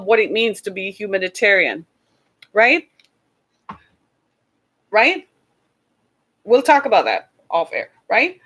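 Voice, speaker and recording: A woman's voice: on the high side, fairly bright tone. Earnest woman addressing viewers. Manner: earnest, preachy, repeats and calls out to viewers. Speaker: online show host. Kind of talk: impassioned livestream talk to viewers.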